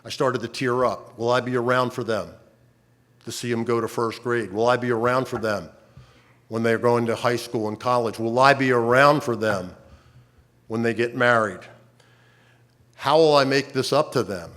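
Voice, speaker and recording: An older man speaking into a stage mic at a conference, telling his own story. His voice sits at a middling pitch, and his delivery is conversational, with wry asides and frequent halting restarts. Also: fairly even intonation, a bit bright. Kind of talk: personal testimony talk.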